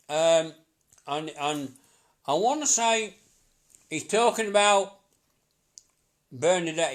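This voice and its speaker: Chatty, laughing middle-aged male medium. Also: a little high. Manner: chatty, repetitive, laughing often. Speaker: psychic medium. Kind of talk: live reading to a sitter.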